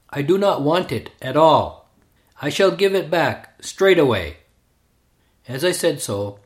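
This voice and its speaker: Male narrator for a memoir reading; unhurried, deliberate delivery, slightly raised pitch. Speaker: reader.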